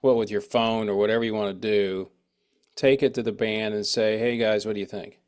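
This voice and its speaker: A man's voice: on the low side, steady tone, fairly quick, darkish tone, smooth. A middle-aged man hosting an interview, telling rambling anecdotes with frequent restarts in casual chat. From United States. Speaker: interview host.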